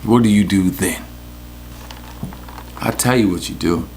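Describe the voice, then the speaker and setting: A man's voice: low-pitched, measured pace, a little mellow, slight background noise. A man with a New York accent, hosting a podcast with a profane, rambling, joking rant. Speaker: podcast host. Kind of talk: casual comedic rant.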